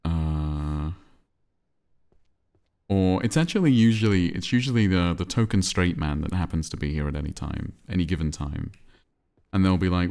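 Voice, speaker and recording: A man streaming a cozy game, chatting in a relaxed, rambling way and answering his chat. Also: sits low, moderate pace, long pauses. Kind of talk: casual chat while playing a cozy game.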